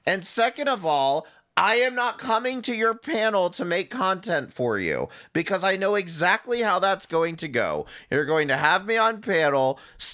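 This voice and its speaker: A man's voice: high voice, big pitch swings, moderate pace, pushed and bright. A man streaming reaction commentary, sarcastic and profane in a casual way.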